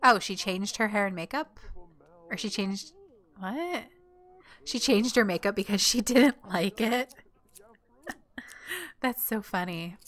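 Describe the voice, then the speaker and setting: A young woman chats through her gameplay in a bubbly, giggly way, her pitch bouncing all over. Her tone is bright and she takes her time, often slipping into little asides for her character. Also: animated, takes it slowly, pauses often. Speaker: gameplay commentator. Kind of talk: casual let's-play commentary.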